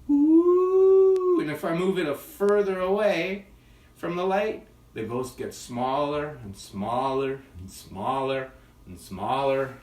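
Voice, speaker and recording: A man teaching a children's puppetry workshop in a friendly, chatty, playful way, often checking in with "right?". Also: medium pitch. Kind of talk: children's craft tutorial. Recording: echoey room, distant mic.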